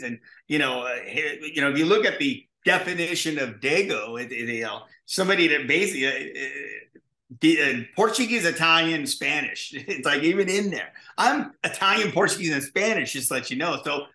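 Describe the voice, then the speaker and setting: An animated man, a guest on an interview show, tells stories in a forceful voice that sits a little high. He swears freely and acts out the dialogue. The recording has a roomy echo. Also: a little fast. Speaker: guest, pizza restaurateur. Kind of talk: casual interview storytelling.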